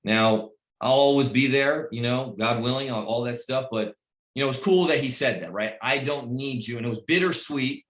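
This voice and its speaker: Addressing his recruits over a video call, a middle-aged leader delivers a pep talk that's emphatic and repetitive, shifting from loud encouragement to quiet personal storytelling. He talks at a normal speed and medium pitch, with a roomy echo.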